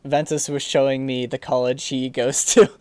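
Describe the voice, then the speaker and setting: A man's voice: medium pitch, level tone, normal speed, a little mellow, clear, resonant tone, no room sound. A young man co-hosting a podcast, talking in a laid-back, hesitant way with chuckles. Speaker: podcast co-host. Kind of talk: casual chat.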